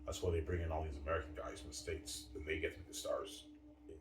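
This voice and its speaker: A man's voice: a bass voice, level tone, quick pace, reverberant, distant mic, a little hiss or hum. A man from Canada giving blunt, opinionated answers to chat questions in a casual livestream, often repeating words and saying "man".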